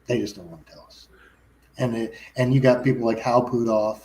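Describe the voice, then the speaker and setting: A man's voice: mid-range voice, steady tone, fairly quick, a little mellow, a little hiss or hum, poor audio. Rambling man talking shop. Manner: rambling, frequent restarts and self-corrections. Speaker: guest. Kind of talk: casual chat.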